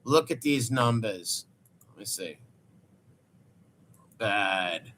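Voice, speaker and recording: A man's voice: lowish voice, expressive, very slow, fairly bright tone. A man giving scornful, dismissive reaction commentary over a video.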